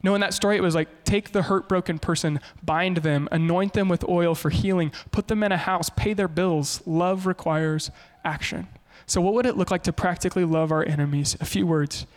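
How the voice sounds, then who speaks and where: A male pastor preaching a sermon in an animated way, often slipping into quoted voices. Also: high voice, normal speed, hardly any pauses, big-room sound.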